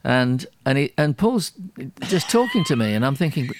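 A man, a record producer, telling a story in an interview, animated and self-deprecating, with frequent restarts. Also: mid-range voice, moderate pace, slight background noise. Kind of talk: anecdotal storytelling in a radio interview.

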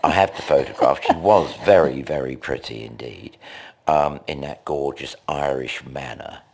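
A man in his sixties from England, a radio interview guest telling rambling, animated anecdotes. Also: rumbling low, normal speed, gravelly, husky. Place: indoor recording location.

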